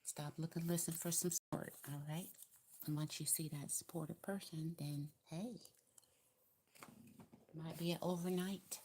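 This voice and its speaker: A Southern-accented woman talks through a tarot reading in a loose, chatty way, cheering the listener on and circling back to the same advice. Her voice sits low in pitch. Faint background noise runs under her speech. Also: steady tone, a little slow, pauses often, mellow. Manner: chatty, repetitive, encouraging, with colloquial grammar. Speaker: tarot reader. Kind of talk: casual tarot card reading.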